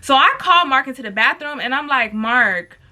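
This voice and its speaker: High, bright young woman telling a story. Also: normal speed. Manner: animated, profane, slangy storytelling with acted quotes. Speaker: vlogger. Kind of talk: storytime with mukbang.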